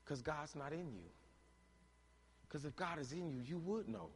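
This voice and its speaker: A man preaching a sermon in a church, asking rhetorical questions for the congregation to answer and swinging between shouting and quiet talk. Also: fairly high pitch, very animated, normal speed, a little hiss or hum. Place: church hall. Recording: long hall reverb.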